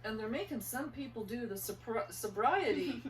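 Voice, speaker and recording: An older woman from eastern Idaho tells family stories in an animated, chatty way. Her voice sits fairly high. She is picked up from a distance, and the room is echoey. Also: normal speed, slight background noise. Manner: animated, acts out her own panicked quotes. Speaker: interviewee, mother. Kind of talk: casual storytelling. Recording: roomy and distant.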